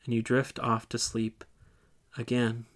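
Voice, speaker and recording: A man at a church, slowly guiding listeners through a scripture meditation in the second person. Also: medium pitch, monotone. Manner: slow, soft, second-person guiding with lingering pauses. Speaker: church speaker leading a meditation.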